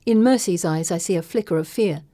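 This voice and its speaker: A woman giving measured first-person audiobook narration. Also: fairly low pitch, mellow, no echo, studio quality.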